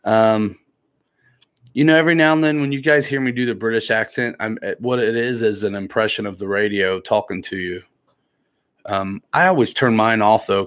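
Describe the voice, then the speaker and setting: With a fairly low, fairly bright voice, a man runs a live stream casually, joking around as he reads comments aloud and teases his chatters.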